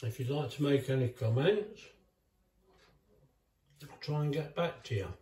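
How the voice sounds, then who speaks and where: Chatty man with a mellow voice. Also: medium pitch, unhurried. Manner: chatty, self-talking, talks with mouth full. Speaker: home cooking vlogger. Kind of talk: casual chatty cooking vlog.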